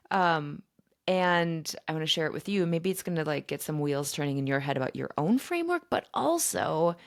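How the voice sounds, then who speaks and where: A woman podcast host telling a personal story in a chatty, animated way. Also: fairly low pitch, dry recording, studio quality. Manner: chatty and animated, with fillers and laughs. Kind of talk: casual storytelling monologue.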